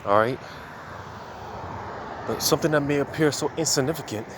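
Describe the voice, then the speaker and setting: A man's voice: a little high, moderate pace, background noise. A man giving a casual, conversational sermon, reading scripture and talking it over with many "man" and "you know" asides. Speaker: religious teacher.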